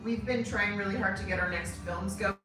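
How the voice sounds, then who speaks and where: A middle-aged woman reads viewer questions and teases her husband in easy livestream chat. She sits back from the mic, so her voice rings through a very echoey room. Clear music plays behind her. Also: mid-range voice, steady tone, brisk, far from the mic. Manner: chatty, teasing, reads questions aloud. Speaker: co-host reading viewer questions.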